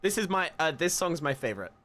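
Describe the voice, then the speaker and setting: A man's voice: on the high side, very animated, fast, fairly bright tone. A man with a British accent chatting casually with his live-stream viewers in a playful, teasing way, swearing and laughing often. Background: faint lo-fi music.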